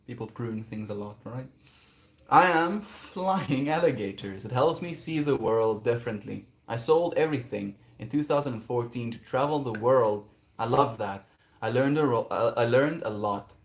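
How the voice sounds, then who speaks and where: A man on a casual livestream outdoors, reading viewer messages aloud and musing on them in a reflective way. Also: on the low side. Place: outdoors, quiet spot.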